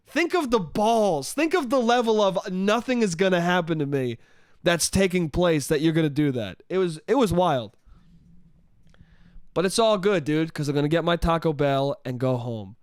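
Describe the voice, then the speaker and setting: A young man hosting a solo podcast, telling a story in an animated, profane way and acting out the people in it. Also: high voice, dry recording, clean studio sound. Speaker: podcast host.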